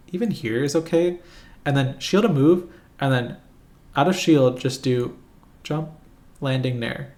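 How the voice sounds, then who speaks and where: A man's voice: medium pitch, darkish tone. Man, casual game breakdown, rambling, self-deprecating, laughs at himself. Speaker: competitive gamer explaining matchups. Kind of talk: casual explanatory commentary while drawing.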